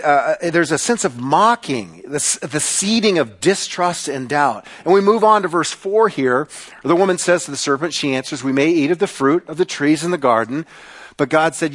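Male pastor, slightly high voice, animated sermon delivery with rhetorical questions. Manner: hushed prayer voice.

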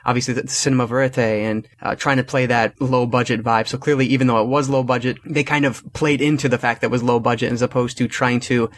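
A man hosts a casual podcast about films. He talks things through in a measured, thoughtful way. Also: mid-range voice, fairly even intonation. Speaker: podcast host. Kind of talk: casual film review chat.

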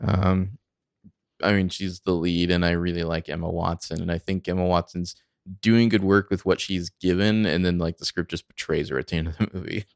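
Very deep-voiced man, full of fillers. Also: fairly even intonation, normal speed, clear, resonant tone, no echo, clean studio sound. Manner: filler-heavy, hesitant. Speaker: podcast co-host. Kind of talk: casual movie review chat.

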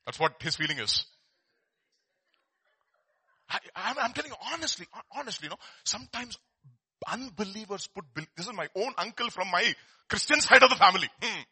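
This pastor's sermon swings between quiet asides and loud exhortation, full of repeated words and rhetorical questions, delivered with animation. He has a high, husky voice and speaks fairly quickly, yet leaves long pauses.

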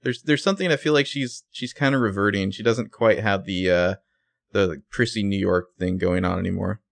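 Lowish-voiced man, blunt casual podcast chat. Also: brisk, vocal fry, no echo. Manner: blunt, swears freely, many fillers. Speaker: podcast co-host.

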